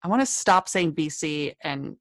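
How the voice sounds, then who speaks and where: A woman's voice: deep voice, normal speed, a bit bright, no room sound. A woman co-hosting a casual podcast, telling a history story in a chatty, self-deprecating way with frequent laughs. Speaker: podcast co-host.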